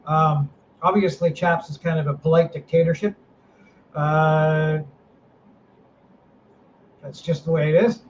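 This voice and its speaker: A middle-aged man in a podcast chat whose fairly high voice swings around, ranting with heat and swearing freely. The sound is slightly dull, with a faint hiss behind it. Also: fairly even intonation, measured pace, long pauses. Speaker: paranormal team director, host.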